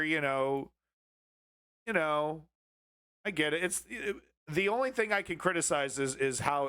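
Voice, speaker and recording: A man's voice: mid-range voice, pushed and bright. A man hosting a live stream, rambling through casual commentary on clips and sarcastically taunting viewers in chat, with swearing. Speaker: livestream host.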